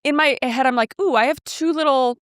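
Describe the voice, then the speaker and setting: A woman's voice: sits high, a little fast, no room sound, studio quality. A woman co-hosting a podcast, telling a rambling, self-mocking story in casual chat and quoting herself and others. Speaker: podcast co-host.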